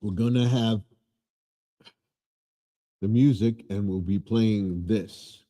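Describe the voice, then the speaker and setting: Low mellow guy rambling slow on his home livestream. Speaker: live stream host. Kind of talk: casual live stream chat. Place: home man cave.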